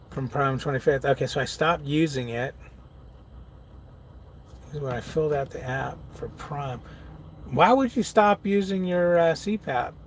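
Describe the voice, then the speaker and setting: A man's voice: on the high side, gravelly, slight background noise. A truck-driving man in casual live-stream chat, laid-back, laughing often and reading viewer comments aloud. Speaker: truck driver vlogger.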